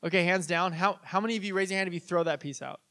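A man preaching a sermon in a church, telling stories in a conversational, animated way and asking the congregation questions. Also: high-pitched, racing. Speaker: pastor.

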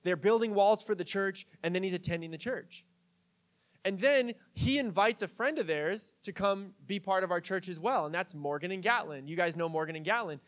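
Speaking at a moderate pace, this young pastor's voice is high and light. His casual sermon feels like a relaxed conversation with the congregation, sprinkled with stories, little jokes and filler words.

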